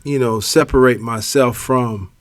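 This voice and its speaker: A man's voice: mid-range voice, a little slow, no echo. A man co-hosting a podcast, telling stories in casual chat and acting out what people said to him. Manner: animated storyteller, acts out quotes. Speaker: podcast co-host.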